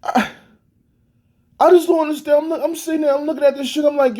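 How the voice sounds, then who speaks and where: A man's voice: very high voice, a little fast. A man giving a profane, exasperated rant reviewing a wrestling match. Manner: animated, swearing, exasperated.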